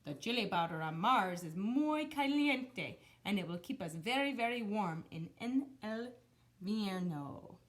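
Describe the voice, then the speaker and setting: A woman's voice: mid-range voice, expressive, a little slow, lightly acted. A woman voicing Don Diego, the biggest of a pack of little male chihuahuas, easygoing and relishing his words. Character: big-hearted leader of little male chihuahuas.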